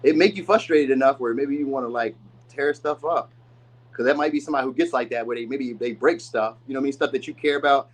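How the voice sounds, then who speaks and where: A man's voice: medium pitch, fast talker, poor audio. A man giving a casual tarot reading to camera, rambling and chatty with lots of asides, sometimes acting out the people he describes. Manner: loose, rambling, chatty delivery with many asides; acts out quoted people in voices. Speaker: tarot reader.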